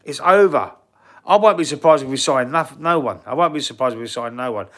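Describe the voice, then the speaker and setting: A man's voice: medium pitch, brisk, a bit bright. A man with a Cockney accent hosting a casual football live stream, blunt and swearing freely as he answers the chat. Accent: London Cockney. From England.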